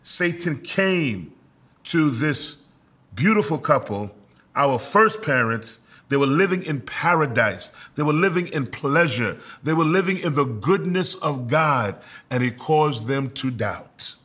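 A man preaching a sermon, telling scripture stories with lively acted-out quotes. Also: fairly high pitch, slow pace, slightly rough. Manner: animated storytelling preacher, acts out quotes, laughs.

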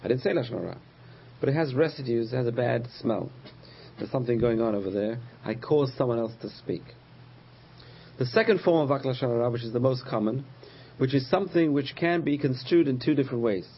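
A man teaching a religious lesson, patiently explaining terms, repeating key words and pausing with frequent uh's. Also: mid-range voice, expressive, breathy edge, highs cut off. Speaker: Torah teacher.

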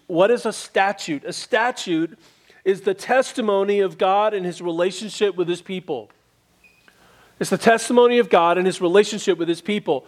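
A male pastor delivers a sermon to his church in a high, light voice. He teaches earnestly, repeating key definitions for emphasis as he walks through a passage.

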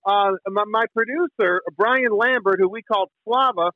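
Speaking at normal speed in a high-pitched voice with no echo, a middle-aged sports radio host from Michigan rambles through a casual interview story. He fills it with fillers and restarts, and suddenly sings the team song. The sound is tinny, as over a phone line.

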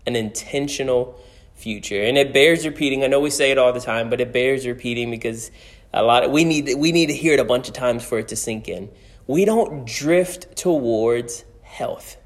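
A man's voice: medium pitch, moderate pace. A man preaching a conversational sermon as pastor, telling stories and repeating key phrases for emphasis.

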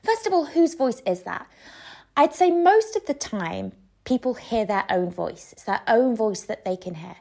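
A woman's voice: a little high, very animated, measured pace, creaky, warm tone. A woman podcast host and coach giving conversational advice, with frequent "you know" and "sort of" fillers.

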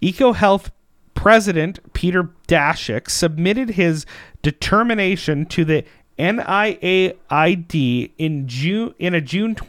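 A man's voice: high-pitched, lively intonation, slow, a bit bright, no room sound, studio quality. A man co-hosting a political commentary podcast, talking in an emphatic, sarcastic way. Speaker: podcast co-host.

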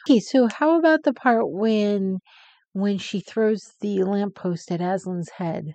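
A woman's voice: mid-range voice, a little mellow, no room sound. A woman co-hosting a podcast, chatting about a book and agreeing often. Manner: agreeable, quick affirmations. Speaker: podcast co-host. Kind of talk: casual book discussion.

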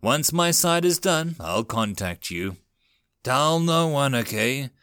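A man's voice: mid-range voice, sing-song, slow pace, fairly bright tone, clear, resonant tone, no room sound, clean studio sound. A man voicing a sly, confident male sergeant hatching a scheme. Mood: scheming.

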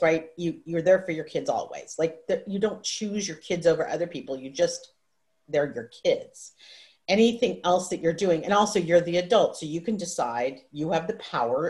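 A woman in her fifties with a somewhat low voice, speaking casually into a video call microphone. She tells her story in an emotional, meandering way, stumbling over restarts and side remarks. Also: a little mellow. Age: 50s. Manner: rambling, emotional, full of restarts and asides. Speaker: livestream host.

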